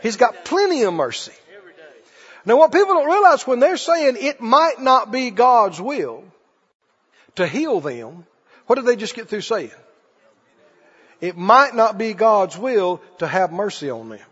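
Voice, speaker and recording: A man's voice: extremely high pitch, big pitch swings, a little slow, long pauses, fairly bright tone, husky. A man preacher delivering a fervent sermon and firing rhetorical questions at his congregation. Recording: dull recording with long hall reverb.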